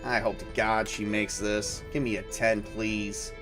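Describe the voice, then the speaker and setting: A man narrating a solo tabletop game, rolling dice and thinking aloud in a halting way with many fillers. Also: fairly low pitch, flat delivery, music in the background. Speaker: game master.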